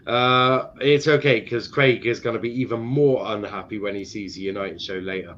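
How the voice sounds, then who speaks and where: A man's voice: lowish voice, moderate pace, fairly bright tone. A man from Ireland hosting a casual football chat stream, teasing his guests and laughing often, with frequent fillers. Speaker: host. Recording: dull lo-fi stream audio.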